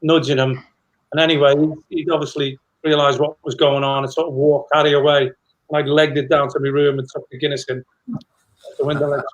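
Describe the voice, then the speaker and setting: A man's voice: a little high, level tone, fairly quick, poor audio. A middle-aged man, a former footballer, telling anecdotes in a rambling casual chat with many restarts.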